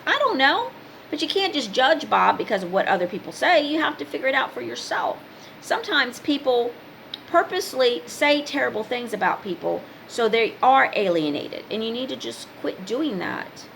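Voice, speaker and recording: A woman's voice: high voice, lively intonation, brisk, vocal fry, a bit bright, slight background noise, low-quality recording. A woman talking casually to her viewers, giving spiritual advice in an emphatic, preachy way with many repeated commands. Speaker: spiritual advice vlogger and card reader.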